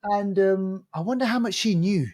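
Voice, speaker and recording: A man's voice: sits high, normal speed, darkish tone. A man with a London accent co-hosting a film podcast, chatting casually and rambling with lots of fillers and restarts. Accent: London English. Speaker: podcast co-host.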